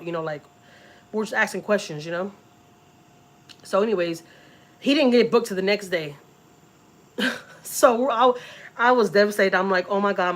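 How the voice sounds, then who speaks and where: A middle-aged woman from Texas, telling a story in a casual, emotional way to her vlog viewers and repeating words as she goes. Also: mid-range voice. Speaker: family vlogger.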